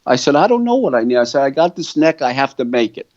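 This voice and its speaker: A man's voice: mid-range voice, quick pace, no room sound, muffled recording. Older New man telling stories. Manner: animated storyteller, quoting others' words. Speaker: guitar company founder. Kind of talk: storytelling in an interview.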